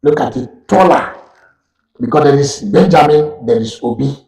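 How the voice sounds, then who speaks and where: A man's voice: mid-range voice, steady tone, gravelly, warm tone, far from the mic. Male lecturer with a Nigerian accent, methodical and repetitive, a little away from the mic. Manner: slow, repetitive explaining. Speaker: university lecturer. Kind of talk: live online lecture on English grammar. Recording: echoey room, voice off-mic.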